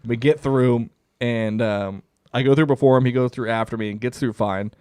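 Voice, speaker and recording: A man's voice: mid-range voice, fairly even intonation, normal speed, darkish tone, clean tone, no room sound, studio quality. A young man co-hosting a podcast, telling a comic story with heavy swearing and laughing at himself. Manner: profane, laughs through his own story. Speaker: podcast co-host.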